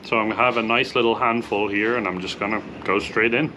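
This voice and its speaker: A man's voice: on the low side, fairly even intonation, fast talker, sharp tone, slight background noise. A young Irish man hosting a casual vlog, upbeat as he tries snacks and rates them out of ten. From Ireland. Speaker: vlog host.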